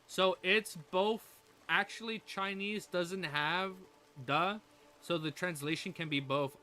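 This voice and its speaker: A man hosting a livestream reaction, chatting excitedly with viewers and his puppy. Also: fairly high pitch. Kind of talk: casual livestream reaction chat.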